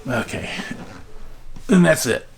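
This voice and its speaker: An older man with a gravelly voice, rambling casually through old newspapers with many fillers and asides. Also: medium pitch, very animated, takes it slowly, slight background noise. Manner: meandering, chatty, many fillers. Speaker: vlogger reading old newspapers. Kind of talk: casual rambling show-and-tell.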